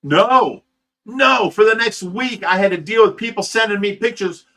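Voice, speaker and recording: A man's voice: high voice, fairly even intonation, fairly quick, a bit bright. A man who runs a fish rescue, telling a story on a livestream in a heated, profane way and stammering over repeated words. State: sleep-deprived.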